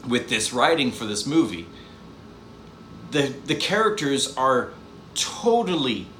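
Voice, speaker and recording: A man's voice: fairly high pitch, a bit bright, roomy sound, slight background noise. A man giving a casual spoken movie review, exasperated and sarcastic, rambling with restarts as he complains.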